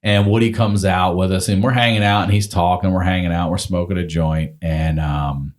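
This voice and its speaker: A male comedian telling a long, animated story in casual chat, swearing freely and acting out the people he quotes. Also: low voice, moderate pace. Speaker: guest comedian.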